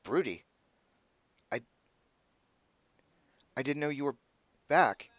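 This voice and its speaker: A man's voice: fairly high pitch, expressive, slow pace, a bit bright, dry recording. A man voicing a curt, formal female guard lieutenant in a tabletop game.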